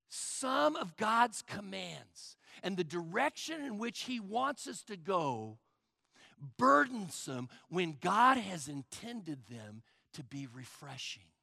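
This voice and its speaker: High, lively, gravelly-voiced preacher man. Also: no room sound, clean studio sound. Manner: emphatic, trailing off to a hush at phrase ends; asks the congregation rhetorical questions. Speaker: pastor. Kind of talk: sermon.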